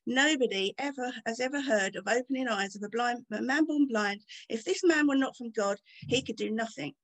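A woman's voice: fairly high pitch, normal speed. A woman reading aloud as a formerly blind man who answers boldly and with emphasis. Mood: defiant.

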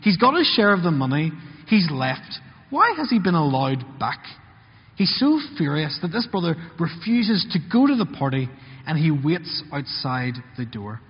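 Man, sermon, earnest, fairly high-pitched, muffled sound, long hall reverb. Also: very animated, moderate pace, husky. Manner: earnest, acts out characters' lines in quotes. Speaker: preacher.

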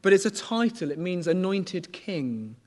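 Chatty preacher, higher voice. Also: male voice, very animated, a little slow, darkish tone. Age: middle-aged. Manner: conversational, asks the congregation questions. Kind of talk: sermon.

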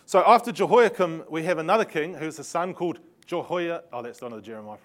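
A man teaching a Bible lesson with slides, telling the story in a lively way with laughing asides and sarcastic remarks. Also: on the high side, quick pace.

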